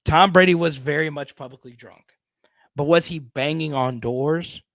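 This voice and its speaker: A man's voice: a little high, moderate pace, a bit bright, no room sound. A man hosting a casual live stream, chatting and reading viewer comments aloud.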